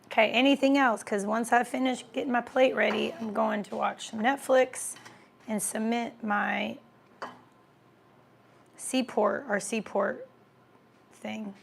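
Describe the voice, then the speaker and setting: Woman, casual livestream host, chatty, talks while eating, slightly high voice, gravelly fry. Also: steady tone, normal speed, a little hiss or hum. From American Midwest. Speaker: host answering viewer comments.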